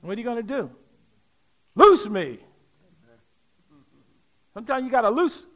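High bright-voiced preaching man. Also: very animated, a little slow, lo-fi sound. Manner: call-and-response preaching, rising to shouts. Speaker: pastor. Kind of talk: sermon.

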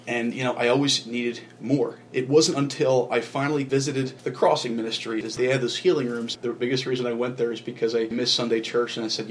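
A man's voice: mid-range voice, little pitch movement, brisk, hardly any pauses, a little hiss or hum. Earnest man sharing a personal testimony. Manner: earnest, repeats and restarts, emotional. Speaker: guest.

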